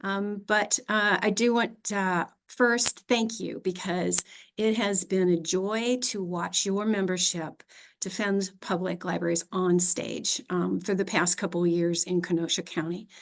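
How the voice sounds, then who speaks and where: A woman's voice: mid-range voice, steady tone, a little slow. A middle-aged woman with an Upper Midwest American accent, giving a friendly, chatty presentation as a library director. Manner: friendly, chatty, with fillers and small laughs. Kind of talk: casual presentation.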